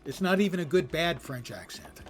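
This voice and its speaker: Brief: wry male streamer narrating his gameplay live, slightly raised pitch, clear music underneath. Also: animated, normal speed. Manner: wry, joking, thinking aloud. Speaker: game streamer.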